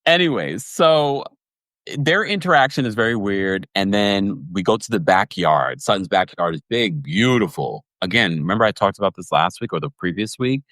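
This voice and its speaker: A man hosting a livestream podcast recap, chatty and animated, laughing often and reading viewers' comments. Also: on the low side, normal speed, no echo. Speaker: podcast host recapping reality TV.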